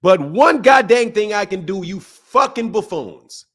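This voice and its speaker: A middle-aged man hosting a boxing channel, ranting and mocking his critics with heavy profanity, swinging between loud and soft. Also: high-pitched, lively intonation, a little slow. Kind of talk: ranting commentary.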